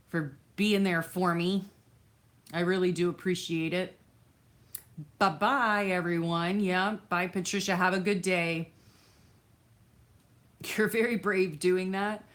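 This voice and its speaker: A woman with a slightly low voice hosts a live craft stream, chatting off the cuff. She reads viewer comments aloud and thanks each person by name, with plenty of fillers and restarts. Now and then she moves away from the camera mic. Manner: many fillers and restarts, easily distracted. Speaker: crafting livestream host. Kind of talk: casual live-stream chat.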